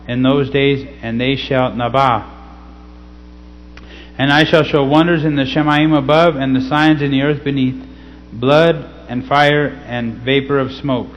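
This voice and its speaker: A man reading scripture slowly and teaching in a casual way, often checking in with "okay?". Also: medium pitch, steady tone. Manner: slow, deliberate scripture reading. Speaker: pastor. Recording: slightly dull recording with faint hum.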